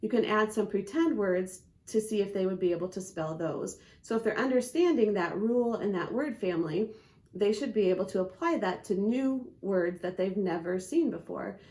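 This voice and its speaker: A woman teaching spelling to parents in an instructional video, patient and methodical, slowly sounding out letters and syllables. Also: mid-range voice, darkish tone.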